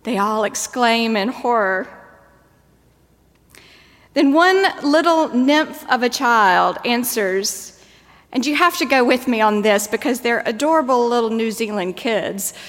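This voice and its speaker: Woman preacher giving a sermon, unhurried and a little high in pitch, telling a story in a long church reverb. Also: lively intonation. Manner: measured, storytelling delivery.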